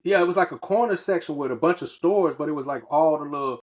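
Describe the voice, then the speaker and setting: Husky man telling a story. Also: a little high, quick pace. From Southern United States. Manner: loose, profane, rambling storytelling with slang. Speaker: podcast co-host. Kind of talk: casual storytelling chat.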